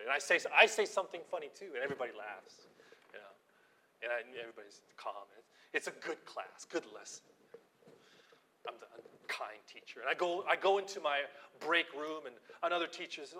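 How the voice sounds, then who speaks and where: A pastor, a man, preaching a storytelling sermon, acting out scenes and dropping to a hushed prayerful voice. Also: fairly high pitch, normal speed. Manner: animated storytelling, acting out quotes, drops to quiet prayerful tones.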